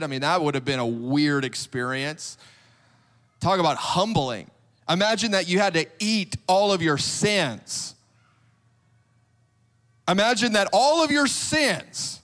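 Male preacher, high voice, casual storyteller who acts out the quotes, long hall echo. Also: fairly bright tone. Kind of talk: sermon.

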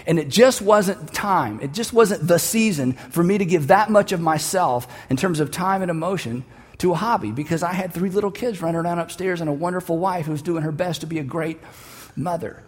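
High-voiced preacher in a big hall. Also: male voice, fairly quick, husky. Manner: storytelling, building to emphatic calls for the audience to repeat. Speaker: pastor. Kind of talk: sermon.

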